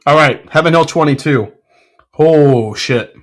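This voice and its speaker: A man hosting his own whiskey show, tasting bourbons in casual chat, excitable, with frequent fillers and self-corrections. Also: a little high, unhurried. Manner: excitable, blurts sports trash talk. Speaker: whiskey reviewer, show host.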